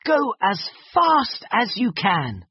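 A reader voicing an excited young girl cheering her father from the riverbank, in a dull, lo-fi recording. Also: medium pitch, slow pace, husky, dry recording, voice pushed up, heavily acted.

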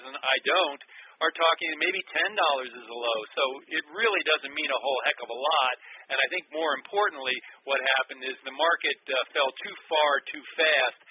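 A man's voice: on the high side, a little hiss or hum. Middle-aged man on a tinny phone line. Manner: emphatic, analytical, stresses key words. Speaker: economist guest. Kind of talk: phone interview commentary.

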